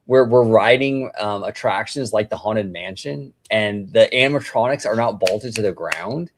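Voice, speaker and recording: A man co-hosting a casual livestream podcast, talking in an enthusiastic, animated way. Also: fairly low pitch, normal speed. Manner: enthusiastic, animated, laughs often. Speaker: podcast co-host.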